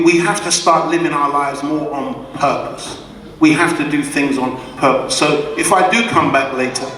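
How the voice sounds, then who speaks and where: A man's voice: a little high, fairly bright tone. A man giving an emphatic, preacher-like public address to a live audience, who answer him back. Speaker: guest speaker at a community event. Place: community hall. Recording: echoey hall, voice from far off.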